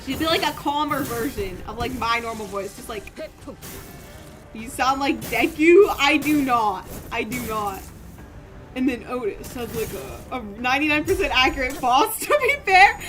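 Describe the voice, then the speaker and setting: A woman's voice: high voice, moderate pace. A woman from Germany streaming a video game, chatting and joking playfully, and reading game text aloud. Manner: playful, animated, jokey. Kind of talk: casual gameplay commentary. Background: game music.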